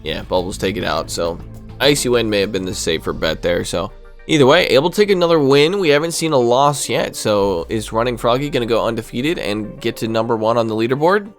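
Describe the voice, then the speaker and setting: An excitable man talks through a game battle in a casual commentary style, reacting aloud to each play. His voice sits at a medium pitch. Soft music plays faintly behind him. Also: a little fast. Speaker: gaming commentator.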